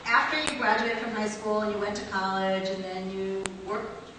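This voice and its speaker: A woman moderating an onstage interview, brisk and conversational. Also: mid-range voice, fairly even intonation, background noise. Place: high school auditorium. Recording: echoey hall from far off.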